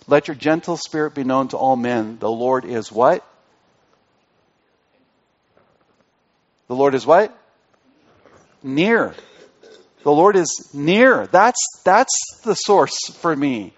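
A man's voice: on the high side, expressive, a little slow. A male pastor giving an interactive sermon, asking the congregation questions and repeating key phrases. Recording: dull lo-fi recording.

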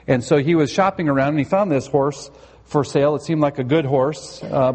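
A man's voice: medium pitch, a little mellow, breathy edge. A male pastor preaching a sermon in a church sanctuary, earnest and conversational, with a touch of storytelling humor. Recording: long hall reverb.

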